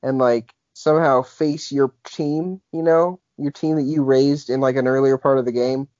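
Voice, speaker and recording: A man's voice: medium pitch, steady tone, moderate pace, a little mellow, dry recording. A young man co-hosting a podcast in casual chat, rambling with lots of filler words and restarts. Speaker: podcast co-host. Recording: dull lo-fi podcast audio.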